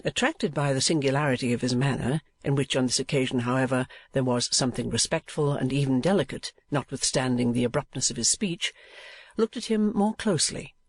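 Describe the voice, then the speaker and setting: A man giving a measured, expressive audiobook narration. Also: medium pitch, breathy edge, no echo. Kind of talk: scripted narration.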